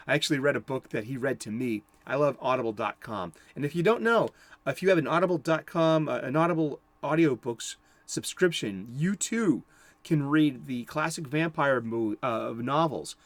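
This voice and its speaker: A man's voice: mid-range voice, lively intonation, normal speed, dry recording. A man giving casual commentary on horror movies, rambling and chuckling, with many restarts.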